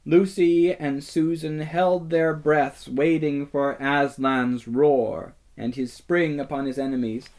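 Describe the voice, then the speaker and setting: A man reading a storybook aloud in a measured, dramatic way. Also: medium pitch. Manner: slow, measured, dramatic delivery. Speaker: narrator.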